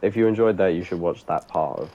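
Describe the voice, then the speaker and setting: A man in casual chat on a stream, speaking hesitantly and haltingly. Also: deep voice, dull audio. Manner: hesitant, halting with many ums and restarts.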